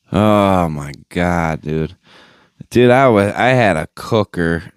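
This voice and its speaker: A man's voice: takes it slowly, smooth, no room sound. A young man hosting his podcast alone, ranting in a casual, profane, rambling way with plenty of fillers, recorded on a phone mic. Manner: mocking high-pitched impressions of others. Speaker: podcast host. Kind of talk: casual solo podcast rant.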